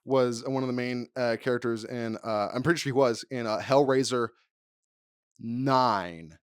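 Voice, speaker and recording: A man's voice: medium pitch, a little slow, clear, resonant tone, no room sound, studio quality. A man co-hosting a podcast in casual chat, rambling and swearing as he acts out quotes. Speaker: podcast co-host.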